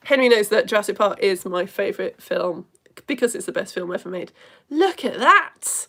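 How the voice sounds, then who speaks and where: A woman teaching a live online lesson reads viewers' comments aloud in a bubbly, exclamatory way, with delighted gasps. Her voice is mid-range, animated, brisk, and a bit bright.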